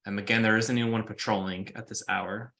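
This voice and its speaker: A man's voice: on the low side, steady tone, brisk, pushed and bright. A man narrating as game master in a casual tabletop session, describing scenes with many fillers.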